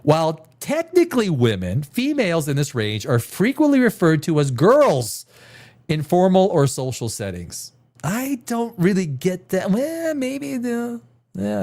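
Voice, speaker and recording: A man's voice: a little high, a little mellow. A man hosting a live stream show, chatting casually at his desk, rambling and sarcastic, swearing now and then and mocking others in put-on voices. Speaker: podcast host. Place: home room, sitting at a desk chair.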